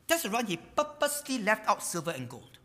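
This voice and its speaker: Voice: mid-range voice, very animated, fast, fairly bright tone, long reverb tail. A pastor preaching a sermon, emphatic and repetitive, stumbling over words with frequent fillers. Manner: emphatic, repeats key words.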